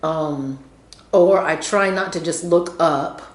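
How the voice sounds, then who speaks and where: A Southern American woman tells a casual story to her viewers, rambling along with plenty of fillers. Her voice sits on the low side. The room around her adds a noticeable echo. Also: slow pace. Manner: chatty, rambling with many fillers, laughs often. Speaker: vlogger telling a story. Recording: roomy echo.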